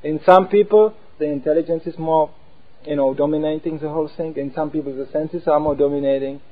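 A man giving an animated talk as a preacher, acting out voices as he explains. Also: on the high side, brisk. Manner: animated, acts out inner voices. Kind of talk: sermon-style talk. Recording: tinny phone-like sound.

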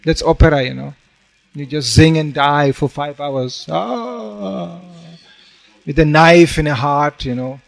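A man's voice: a little high, takes it slowly, creaky. Storytelling man preaching a sermon. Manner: storytelling with acted-out quotes, frequent "you know". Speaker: monk preacher.

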